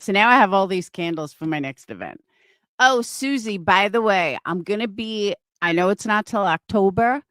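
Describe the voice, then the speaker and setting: Chatting casually on a home live stream, a middle-aged craft seller swears freely and greets viewers by name. Her medium-pitched voice is a bit bright, clear and resonant, recorded at studio quality with no echo.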